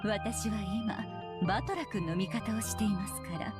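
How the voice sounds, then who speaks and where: Lady playing a calm polite witch teacher, brisk, game music under her. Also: medium pitch, lightly acted. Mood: gently scolding. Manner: composed, gently scolding. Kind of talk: Japanese visual novel voice acting. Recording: game audio with clear music.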